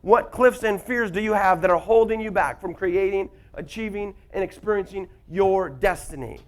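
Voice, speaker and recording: A man's voice: high-pitched, moderate pace. A man giving a motivational workshop talk to a live audience, telling stories and asking the audience questions. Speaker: motivational speaker.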